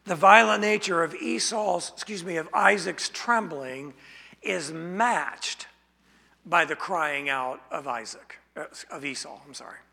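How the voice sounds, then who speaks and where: Male preacher, slightly high, gravelly voice; slow deliberate sermon delivery in a reverberant hall. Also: pushed and bright. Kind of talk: expository sermon.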